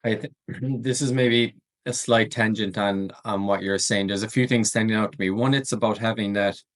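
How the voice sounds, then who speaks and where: A man hosts a podcast interview with a fairly low voice. He reflects and thinks aloud in a casual conversational way. His questions are relaxed and searching. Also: normal speed. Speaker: podcast host.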